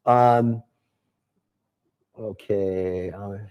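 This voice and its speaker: Mellow, upbeat man hosting a webinar. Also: lowish voice, fairly even intonation, very slow, clear, resonant tone. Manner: chatty and upbeat, reads out viewers' comments and answers them by name. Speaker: webinar host selling a marketing program. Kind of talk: live webinar sales pitch.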